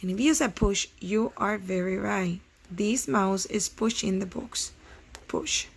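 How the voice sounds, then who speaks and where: Slow-explaining woman teacher. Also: medium pitch, creaky, breathy edge. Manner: slow, explaining, asks the children questions. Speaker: first grade teacher. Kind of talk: recorded science lesson for young children.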